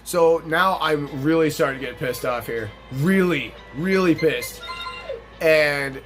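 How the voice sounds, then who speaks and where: A young man with a fairly high voice rambles through a let's-play, mixing game chatter with a long, profane anecdote. He talks casually and animatedly. Faint game music plays under his voice. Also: takes it slowly, a bit bright. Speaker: gaming channel host.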